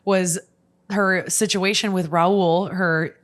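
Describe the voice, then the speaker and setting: Gushing Minnesotan woman host, lowish voice. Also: fairly even intonation, takes it slowly. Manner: upbeat, gushing, chatty. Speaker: podcast host. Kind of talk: casual chat.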